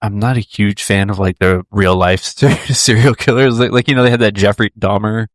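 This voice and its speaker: A young man co-hosts a loose comedy podcast, his voice sitting low as he jokes crudely and laughs often. The sound is close and dry, with no room around it. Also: fairly even intonation, a little fast, dry recording. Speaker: podcast co-host. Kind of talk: casual comedy chat.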